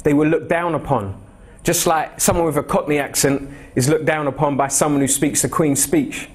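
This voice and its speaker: A man's voice: fairly high pitch, fairly even intonation, normal speed. A young man preaching an expository sermon in a church, talking to the congregation in a conversational, direct way and putting questions to them. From England. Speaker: pastor.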